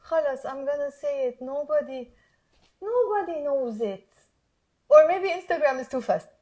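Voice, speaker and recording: A Lebanese woman with a high voice teaches her dialect in a live online lesson. She coaxes her viewers to repeat after her and slows down to spell out each word. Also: animated, warm tone. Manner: encouraging, coaxing viewers to repeat aloud. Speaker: Arabic teacher.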